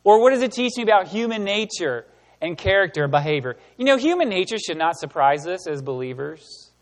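A man giving a sermon as pastor, animated and emphatic, asking the room rhetorical questions. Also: sits high, brisk, big-room sound. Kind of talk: sermon teaching.

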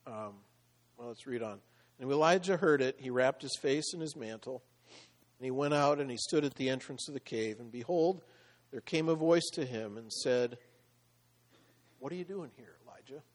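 A man's voice: medium pitch, moderate pace. A man preaching a sermon, reading scripture aloud and explaining it in a conversational way with fillers and occasional laughs. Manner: conversational, with fillers and laughs, voicing God in paraphrase.

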